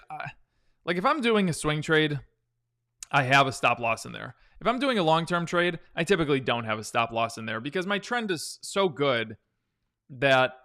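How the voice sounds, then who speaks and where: Bright, clear-voiced male stream host. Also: fairly high pitch. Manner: loose and chatty, restarts sentences, answers viewer questions. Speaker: stock trading livestream host. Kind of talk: casual live-stream chart analysis.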